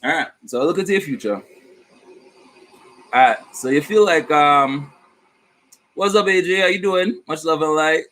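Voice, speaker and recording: A man's voice: on the high side, moderate pace, long pauses, slight background noise, poor audio. A man reading tarot on his vlog, talking casually about spirit guides with slang, swearing and a rambling manner. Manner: slangy, profane, rambling and animated. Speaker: tarot reader.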